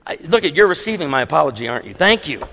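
A man's voice: on the high side, very animated, very fast, sharp tone. A man preaching a sermon as pastor, conversational with humorous asides. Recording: long hall reverb.

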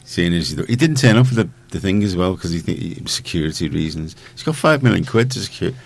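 A man's voice: low-pitched, lively intonation, fast, vocal fry. A man hosting a casual radio chat, rambling and sarcastic, with many restarts. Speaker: radio show host.

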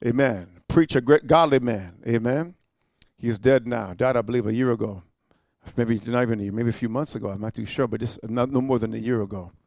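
A man's voice: medium pitch, fairly quick, a little mellow, dry recording, clean studio sound. A man preaching a sermon, emphatic and rhetorical, prodding listeners with repeated "amen?" and "huh?".

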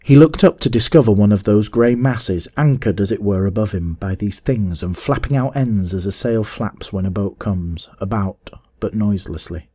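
A man narrating a classic adventure story in a measured, steady audiobook reading. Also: fairly low pitch, breathy edge.

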